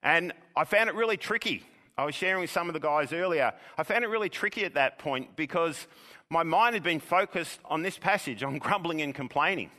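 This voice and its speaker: A man preaching a sermon in an earnest, measured way, sometimes repeating words as he goes. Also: a little high, lively intonation, bright, forceful tone, big-room sound. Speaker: pastor.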